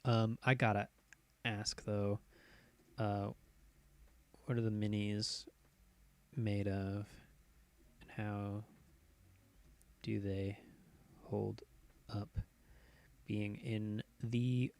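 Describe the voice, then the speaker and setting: A man's voice: lowish voice, flat delivery, extremely slow, long pauses, a little mellow. A man hosting a casual live stream from a home setup, talking in an easygoing, rambling way with lots of fillers and restarts as he reacts to viewers' posts. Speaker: streamer host.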